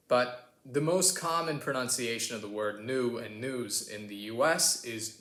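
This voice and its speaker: A man's voice: medium pitch, a little slow, hardly any pauses, a bit bright, roomy sound. A man with an American accent hosting a casual lesson on pronunciation, chatty and upbeat. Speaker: host.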